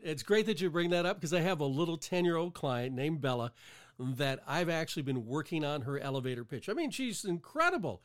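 A man's voice: on the high side, lively intonation, a little fast. Encouraging male interview host. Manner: encouraging, asks leading questions. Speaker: host and talent coach. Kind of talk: casual interview chat.

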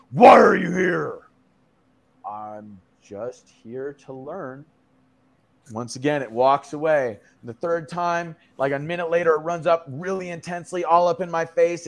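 A man as a podcast guest, telling a story in a loose, slangy way with many fillers and some swearing. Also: on the high side. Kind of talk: casual storytelling.

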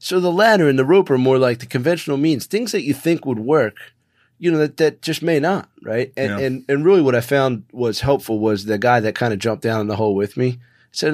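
A man in his thirties speaking as a podcast guest, earnest and halting, with many restarts. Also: mid-range voice, darkish tone, dry recording, studio quality. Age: 30s. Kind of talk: conversational interview.

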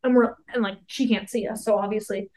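In a mid-range, darkish voice with fairly even intonation, a woman in her twenties co-hosting a podcast rambles briskly through a story, using "like" heavily and acting out quotes. The recording quality is low.

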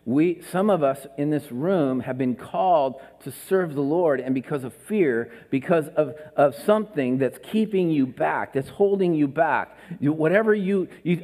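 Guy preaching, slightly high voice, goes from loud bursts to almost whispering, church hall echo. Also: lively intonation, moderate pace. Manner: swings from loud exclamations to hushed, near-whispered lines. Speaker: pastor. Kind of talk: sermon. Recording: long hall reverb.

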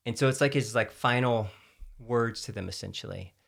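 A man's voice: mid-range voice, moderate pace, creaky, a bit bright. A man with a Texan accent, co-hosting a casual chat about faith and explaining scripture in an earnest, storytelling way. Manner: earnest, storytelling, filler-heavy.

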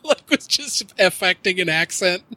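A man's voice: sits high, lively intonation, moderate pace, pushed and bright, no room sound. A man hosting a podcast in casual chat, swearing a lot, laughing often and slipping into mock voices. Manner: profane, giggly, slips into mock voices. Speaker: podcast host.

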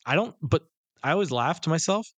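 A man's voice: on the high side, animated, fairly quick, a bit bright, no echo. A man co-hosting a film podcast in casual chat, from Canada, rambling and swearing, often trailing off mid-thought. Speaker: podcast co-host.

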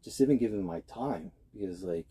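A man's voice: sits low, expressive, a little fast, warm tone, slightly rough. A young man in casual conversation, speaking earnestly and hesitantly, often restarting his sentences. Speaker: guest. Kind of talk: casual chat.

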